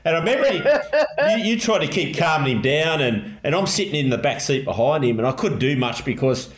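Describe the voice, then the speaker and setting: A man's voice: mid-range voice, expressive, brisk, roomy sound. An Australian man hosting a podcast, telling a story in casual chat with lots of laughter and rambling restarts. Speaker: podcast host.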